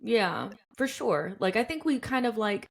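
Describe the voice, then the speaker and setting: A woman's voice: on the high side, big pitch swings, unhurried, creaky. A woman hosting a casual football podcast, chatty and laughing often. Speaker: podcast host.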